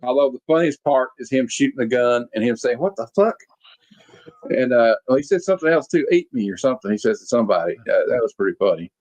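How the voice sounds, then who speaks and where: A man's voice: medium pitch, fast talker, hardly any pauses, a little mellow, low-quality recording. A man hosting a casual movie review chat, rambling along with lots of fillers and restarts. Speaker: podcast host reviewing a movie. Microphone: video call.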